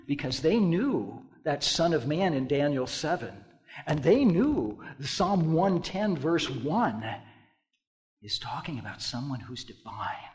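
A male pastor preaching a sermon, dropping to hushed tones and then rising to loud, emphatic bursts. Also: a little high, very animated, slow, a little hiss or hum.

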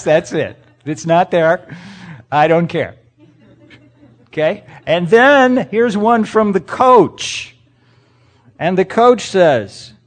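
A male pastor preaching at an unhurried, deliberate pace, with a voice that sits somewhat high for a man. He leans on rhetorical questions and swings between forceful emphasis and hushed, low passages. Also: animated. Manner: speaks to the congregation directly. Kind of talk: sermon.

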